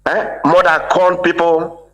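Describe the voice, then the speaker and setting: An emphatic man speaks on a live call-in, keeping his pitch a little high and his tone bright and forceful. He keeps tossing in "eh?" to press his point. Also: level tone, takes it slowly, poor audio. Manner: emphatic, repeats "eh?" for agreement. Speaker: caller. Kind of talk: impassioned call-in speech.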